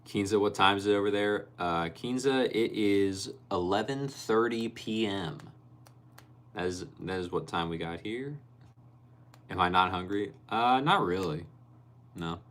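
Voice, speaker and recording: A man's voice: fairly low pitch, a little slow, a bit bright. A young man hosting a casual livestream, reading viewer comments aloud and laughing often. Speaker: livestream host reading chat. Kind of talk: casual live-stream chat.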